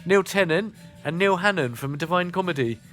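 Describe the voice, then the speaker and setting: Between tracks, this radio host, a man with a southern English accent from Kent and Sussex in South East England, talks casually and says "uh" a lot. He sounds animated at a moderate pace, his fairly bright voice sitting high, with soft music in the background.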